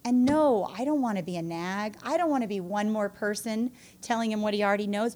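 A woman's voice: mid-range voice, a little fast, hardly any pauses, a little mellow. Candid woman telling her own story. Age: adult mother. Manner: candid, self-mocking storytelling, laughing through it. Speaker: speaker sharing her story at a support group meeting. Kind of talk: personal recovery testimony.

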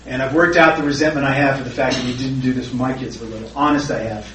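A man's voice: medium pitch, fairly even intonation, quick pace, a bit bright, a little hiss or hum. A middle-aged man sharing a candid, self-deprecating personal story at a recovery meeting. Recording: roomy, distant, faint background ambience.

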